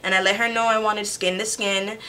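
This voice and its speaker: A young woman originally from Jamaica, casually telling a personal story to her camera in a chatty, animated way. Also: medium pitch, brisk, a little hiss or hum. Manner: chatty, animated retelling with quoted voices. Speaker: vlogger. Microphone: camera mic.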